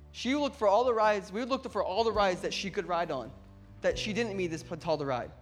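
High-voiced preacher man, soft music behind. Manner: builds to loud emphatic peaks, acts out Bible dialogue. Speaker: pastor. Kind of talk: sermon.

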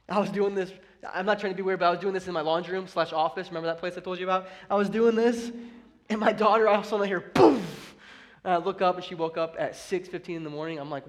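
A young male pastor with a high voice delivers a sermon with fervent, emphatic energy, acting out quotes from scripture.

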